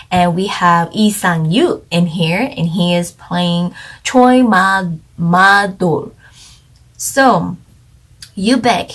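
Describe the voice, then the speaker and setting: A young woman hosting a casual drama review, chatty and full of filler words, laughing easily. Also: medium pitch.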